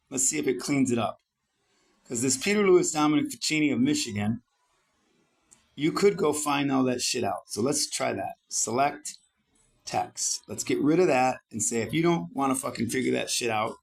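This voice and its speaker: A middle-aged man from Italy talks in a brash, profane monologue, picking fights with anyone who doubts him. His voice carries a gravelly rasp at an ordinary pitch for a man. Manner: brash, swearing, combative. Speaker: founder and vlogger. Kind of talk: profane self-promoting monologue while editing a page.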